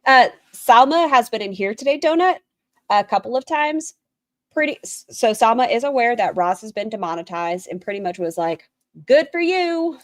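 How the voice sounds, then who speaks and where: A woman's voice: on the high side, normal speed, no echo, clean studio sound. A woman hosting a livestream, reading out a written statement and viewers' chat messages and commenting on them bluntly, swearing casually. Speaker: livestream host.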